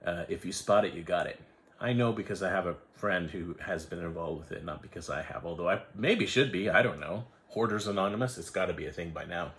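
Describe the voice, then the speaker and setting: A man's voice: deep voice, fast talker, hardly any pauses, fairly bright tone, slight background noise. An American man in his forties telling a rambling, self-interrupting story in a casual vlog, acting out the voices of people he quotes. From United States. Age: 40s. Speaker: vlogger.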